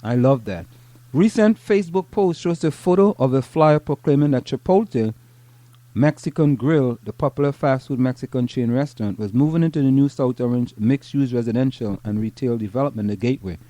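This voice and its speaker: A man's voice: medium pitch, warm tone, no echo. A man, co-hosting a talk show, reading out local news and joking with his co-host. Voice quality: joking, teasing, halting restarts.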